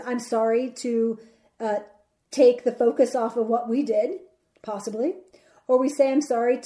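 A woman hosting a solo podcast, talking earnestly with many pauses, fillers and restarts. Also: fairly high pitch, dark tone. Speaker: podcast host. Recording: roomy echoey sound.

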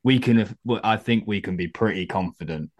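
A man's voice: fairly low pitch, normal speed. A man chatting as a guest on a podcast, blunt and jokey with strong opinions. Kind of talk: casual podcast chat.

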